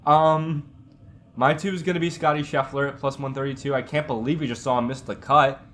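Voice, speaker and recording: A young man of middle pitch talks through his picks in a relaxed podcast chat. He is analytical and leans on stats, with "um" and "uh" scattered through. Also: fairly quick. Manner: analytical, stat-heavy, with fillers. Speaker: podcast co-host. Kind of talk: casual sports picks chat.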